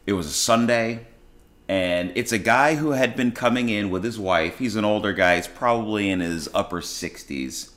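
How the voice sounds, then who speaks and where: A man's voice: lowish voice, normal speed, fairly bright tone. A man hosting his own show, telling a blunt, exasperated story about a customer at the restaurant where he works. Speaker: podcast host and restaurant worker. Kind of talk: casual storytelling monologue.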